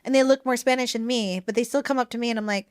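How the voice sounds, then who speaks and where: A woman in her thirties chatting as a guest in an interview, animated and quick to laugh, acting out what other people say. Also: on the high side, clean tone. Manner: animated, giggly, mimics others in quotes. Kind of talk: casual interview chat.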